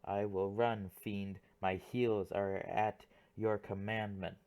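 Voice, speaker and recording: A man's voice: lowish voice, flat delivery, slow pace, a little mellow. A man voicing a comic young clown servant, rambling through a monologue in an audiobook play reading.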